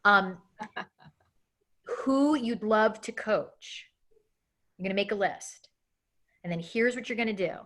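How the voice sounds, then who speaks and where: A woman in her thirties coaching a student live in a webinar. Her voice is bright and forceful. She talks quickly and acts out sample messages with lots of animation. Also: medium pitch. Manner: fast, animated, acts out example emails. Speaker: coaching instructor.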